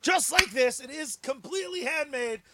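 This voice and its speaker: A man co-hosting a podcast, joking around and reading sponsors with excitable bursts of shouting. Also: very high-pitched, moderate pace, very noisy. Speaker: podcast co-host. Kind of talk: casual chat and sponsor reads.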